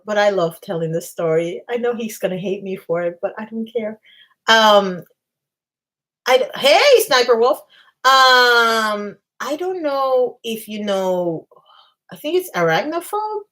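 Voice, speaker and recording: A slightly high-pitched woman telling stories to her viewers in a loose, chatty way. She is animated and quick to poke fun at herself, breaking off to greet people in the chat. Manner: animated, self-mocking, laughs at herself. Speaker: channel host. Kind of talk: casual storytelling to live chat.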